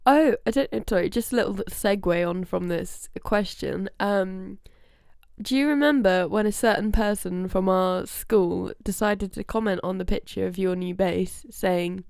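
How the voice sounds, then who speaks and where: A woman's voice: mid-range voice, a little slow, gravelly, darkish tone, clear, resonant tone, dry recording, studio quality. A young woman co-hosting a podcast, chatting casually with lots of fillers and self-corrections. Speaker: podcast co-host. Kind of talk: casual chat.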